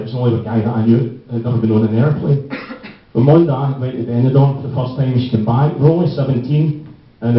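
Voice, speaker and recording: A man with a Glaswegian Scottish accent telling a rambling, laugh-filled anecdote as a tribute speech to a friend at a party. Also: mid-range voice. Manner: rambling, often breaking into laughter. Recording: echoey hall, distant dull mic.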